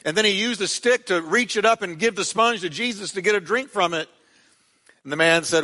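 A man's voice: a little high, brisk, pushed and bright, in a large hall. A man preaching as a pastor, reading scripture aloud with dramatic voiced quotes and leading a prayer in a church sanctuary. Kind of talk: sermon.

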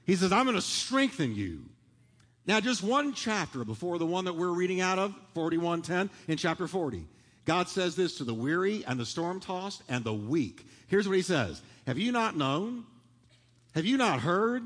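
A man delivering a sermon in a church sanctuary, calling on the congregation to repeat lines back to him. His voice sits a little high for a man and swells with fervor, and a long reverb trails behind every phrase. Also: very animated, normal speed, fairly bright tone. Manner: preaching with rising fervor, leading the congregation in call-and-response. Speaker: pastor.

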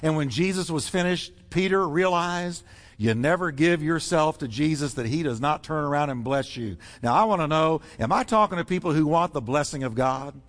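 A man's voice: fairly high pitch, moderate pace. A man preaching a sermon as pastor, fervent and rhythmic, building repeated phrases. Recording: long reverb in a large hall.

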